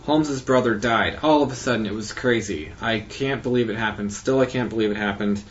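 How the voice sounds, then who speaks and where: A man hosting his own podcast, recapping his year in a halting, rambling monologue full of fillers and restarts. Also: lowish voice, dull audio, slight background noise. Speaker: podcast host.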